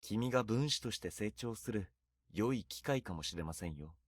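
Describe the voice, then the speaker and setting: An actor playing a cold, logical shopkeeper in a game, speaking calmly and detachedly. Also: male voice, fairly low pitch, quick pace, a crowd in the background, natural voice. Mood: cool. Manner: calm, detached, reasoning.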